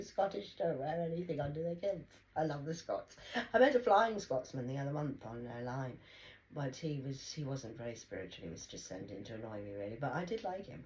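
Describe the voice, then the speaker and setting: A woman's voice: rumbling low, expressive, a little fast, low-quality recording. Rambling woman with faint background noise. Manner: rambling, swings between loud exclamations and soft whispers. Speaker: spiritual vlogger. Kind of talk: rambling spiritual monologue.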